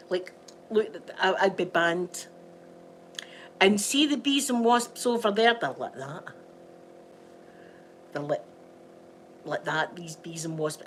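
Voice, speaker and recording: Chatting to viewers from her home by a window, a Scottish vlogger tells meandering stories and laughs frequently. Her voice is medium-pitched, and the low-quality recording carries a little hiss or hum.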